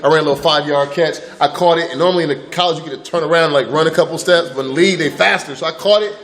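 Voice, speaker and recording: Middle-aged guy telling stories on a talk show, slightly high voice, loud acted-out quotes and sound effects. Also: very fast. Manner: acts out quotes loudly with sound effects and laughter. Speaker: guest, former pro football player. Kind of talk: animated storytelling interview.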